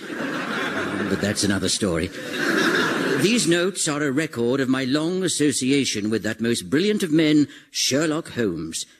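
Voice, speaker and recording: An actor playing a fussy, prim doctor sidekick who narrates and complains in a radio comedy. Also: male voice, mid-range voice, breathy edge.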